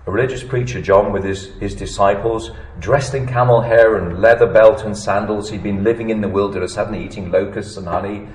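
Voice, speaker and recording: A man preaching a sermon, swinging between hushed, low asides and loud, emphatic lines. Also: fairly even intonation, brisk, hardly any pauses, reverberant, low-quality recording.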